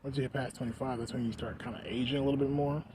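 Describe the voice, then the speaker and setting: A man's voice: medium pitch, little pitch movement, very fast. Rambling, slurring young man on a noisy recording. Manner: rambling, heavy fillers, slurring words. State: high on edibles. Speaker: vlogger. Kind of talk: rambling casual vlog. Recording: noisy background.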